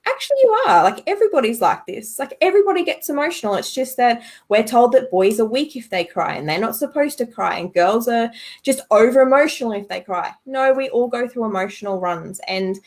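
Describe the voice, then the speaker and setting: A young woman speaking as an interview guest, giving emphatic, animated motivational advice. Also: fairly high pitch, fairly quick. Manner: emphatic, animated, acts out quoted thoughts. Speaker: guest, business owner. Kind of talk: motivational conversation.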